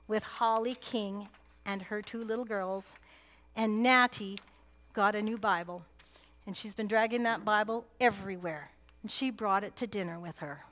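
A woman's voice: medium pitch, normal speed, fairly bright tone. A woman pastor preaching a sermon, earnest and emphatic, repeating key phrases for weight.

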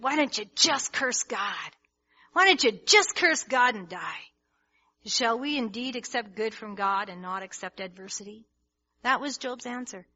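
Woman preaching, bright sharp voice, earnest and emphatic, bit of a dull lo-fi sound. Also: mid-range voice. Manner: earnest, emphatic, with many restarts and rising intensity. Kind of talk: sermon. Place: church hall with congregation.

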